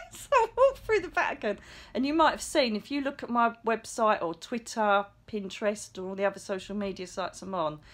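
A middle-aged woman telling a personal story in a chatty, excitable way, acting out the lines she quotes. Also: medium pitch. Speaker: psychic medium vlogger. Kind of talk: casual storytelling monologue.

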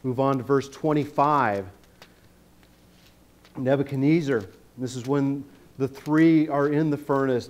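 A man giving a sermon in a church, reading scripture and explaining it in a relaxed, joking way, often checking in with the congregation. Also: medium pitch, unhurried. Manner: conversational, jokey, often checks in with "okay?". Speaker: guest preacher. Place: church sanctuary.

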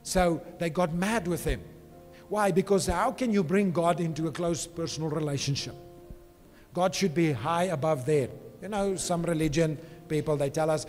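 High-voiced pastor preaching. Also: male voice, normal speed, a little mellow. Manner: emphatic preaching, often checking in with "okay?". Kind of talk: sermon. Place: church. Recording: reverberant church hall with faint music.

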